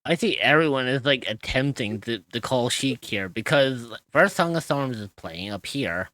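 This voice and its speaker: A man's voice: medium pitch, expressive, normal speed, bright, forceful tone, no echo. A man streaming live and chatting casually, laughing often and swearing now and then.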